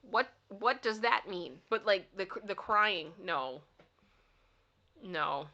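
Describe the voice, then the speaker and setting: A woman's voice: mid-range voice, expressive, slow pace, bright, forceful tone, lo-fi sound. A woman hosting a casual livestream, reading funny signs aloud, giggling playfully and talking back to her chat. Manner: giggly and playful, often laughing. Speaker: livestream host.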